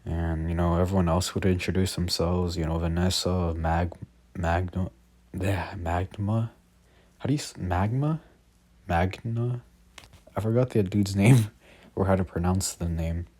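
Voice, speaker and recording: A man's voice: sits low, steady tone, normal speed, warm tone. A young man casually improvising a fan story as a narrator, rambling with lots of "like" and self-corrections.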